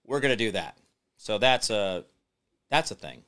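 A middle-aged man hosting his own show, reading an article aloud and mocking it, breaking into loud outbursts. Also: fairly low pitch, lively intonation, moderate pace, pauses often. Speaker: show host. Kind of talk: solo commentary reading an article.

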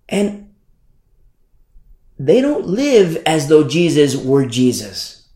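A male preacher delivering an impassioned sermon, driving points home by repeating them. His pitch rises and falls widely from phrase to phrase. The voice rings out in an echoey room. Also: very animated, very slow, long pauses, dark tone. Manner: repetitive, impassioned, sweeping pitch swings.

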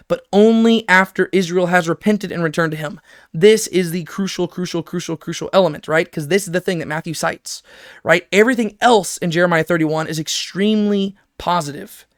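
A man's voice: high-pitched, normal speed, no echo, clean studio sound. A man teaching a Bible lesson, reading verses aloud and explaining them, checking in with "right?" as he goes. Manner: explanatory, reads scripture aloud, frequent "right?" check-ins. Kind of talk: scripture lesson.

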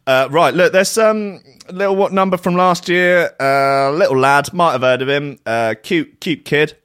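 A man's voice: medium pitch, expressive, fairly quick, a bit bright, clean tone, no room sound, studio quality. A British man hosting a podcast, delivering a sarcastic, rambling comic monologue full of fillers. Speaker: podcast host.

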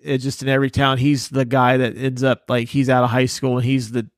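A man's voice: medium pitch, little pitch movement, a little fast, dry recording, clean studio sound. A man hosting a podcast, chatting loosely about a film with many fillers and casual swearing. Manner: loose, filler-heavy, profane. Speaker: podcast host. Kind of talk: casual movie review chat.

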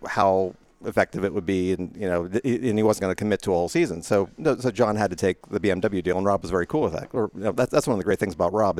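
A middle-aged man with a lowish voice tells stories as an interview guest. He rambles in a relaxed way, full of fillers and restarts, and laughs easily at himself. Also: no room sound. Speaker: guest, retired racing driver. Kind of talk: casual storytelling interview.

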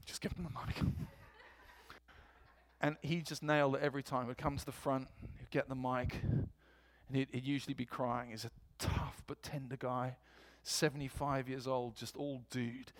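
A man's voice: mid-range voice, normal speed. A man preaching a sermon in a church, telling stories and acting out quotes with energy. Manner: storytelling, animated quotes.

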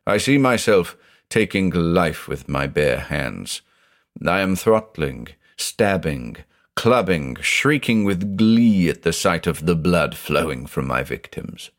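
A man's voice: low-pitched, very animated, slow pace, heavily acted. A man reading a haunted older judge who talks in an intense, growling, confessional way. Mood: anguished. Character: haunted, obsessive older male judge, brooding.

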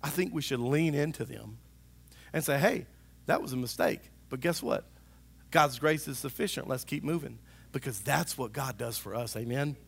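A male pastor preaching a sermon in a church, animated and talking to the congregation, now and then acting out voices. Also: medium pitch, moderate pace, creaky, slightly rough. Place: church sanctuary.

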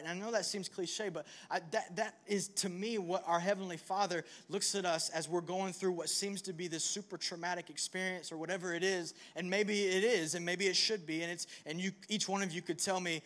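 A man's voice: high-pitched, steady tone, fairly quick, hardly any pauses, a bit bright. A young man preaching a conversational sermon, telling a story with self-deprecating humor before turning earnest and reassuring. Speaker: pastor.

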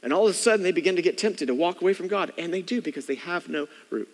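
Brief: male pastor, high voice, casual preaching that mimics the congregation, long reverb of a church hall. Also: lively intonation, fast. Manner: conversational preaching, mimics churchgoers' inner thoughts. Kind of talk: sermon.

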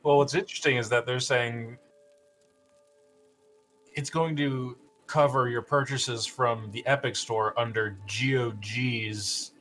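A man's voice: mid-range voice, steady tone, takes it slowly, a bit bright, faint music behind. A man co-hosting a casual podcast, explaining details step by step. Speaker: podcast co-host. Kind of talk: casual chat.

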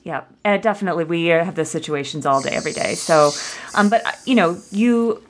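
A woman's voice: fairly low pitch, brisk, slight background noise. A young woman hosting a podcast interview, chatting casually in a friendly way and laughing often. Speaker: podcast host.

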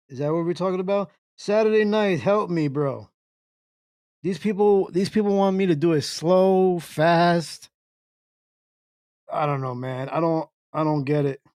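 Slow-talking man hosting a joking livestream. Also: on the high side, darkish tone, clear, resonant tone, dry recording. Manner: playfully confused, stumbling through words. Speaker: internet radio host. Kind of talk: joking livestream reading chat comments aloud.

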